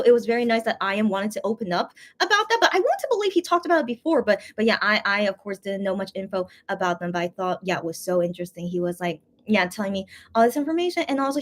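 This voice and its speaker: Young woman vlogger, quick rambling storyteller, slightly high voice, from the US. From USA. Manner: rambling, restarts, excited high-pitched quoted exclamations. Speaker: vlogger recounting a fan meeting. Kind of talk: casual storytelling to viewers.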